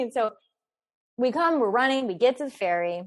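A woman telling a story in casual conversation, animated and laughing often, with many filler words. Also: on the high side, normal speed. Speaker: guest storyteller.

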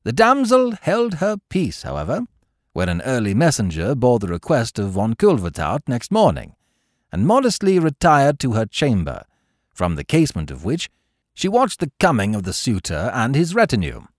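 Male podcast host reading a classic tale, highly animated delivery, dry close recording. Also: moderate pace, no echo. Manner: theatrical, highly animated storytelling. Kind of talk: scripted narration of a classic tale.

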